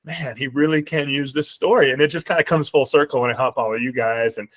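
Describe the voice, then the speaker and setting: A man's voice: mid-range voice, quick pace, a bit bright, poor audio. A man speaking as guest on a video call, telling a heartfelt personal story in a reflective way. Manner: heartfelt, reflective, quotes himself and others.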